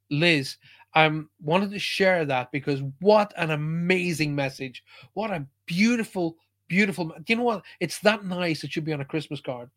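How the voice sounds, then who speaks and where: A man's voice: on the high side, lively intonation, moderate pace, a bit bright. A middle-aged man giving an emphatic motivational talk as a spiritual speaker, often checking in with listeners.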